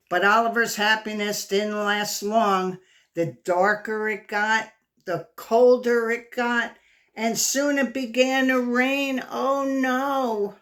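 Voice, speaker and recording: Slow-reading woman storyteller. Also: fairly high pitch, fairly even intonation, a bit bright. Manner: engaging, asks the kids questions. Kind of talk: reading a picture book aloud to children.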